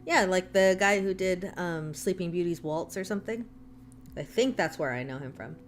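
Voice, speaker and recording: Young woman, American accent, lowish voice, casual self-deprecating chat, faint background noise. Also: moderate pace. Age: young adult. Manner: chatty, self-deprecating, laughs often; talks while eating. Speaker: artist streaming while drawing.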